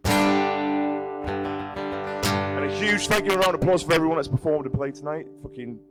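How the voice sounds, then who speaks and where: A man's voice: on the high side, very fast. A young man with a Northeast English accent, a singer-songwriter chatting casually on stage at a live music venue, giggly and self-deprecating, swearing freely. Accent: Northeast England.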